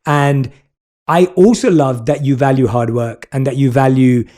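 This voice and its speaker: A man's voice: mid-range voice, moderate pace, dark tone. A British man hosting an interview, talking earnestly and with lots of praise. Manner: earnest, effusive, reads aloud from a book. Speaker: podcast host. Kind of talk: casual interview chat.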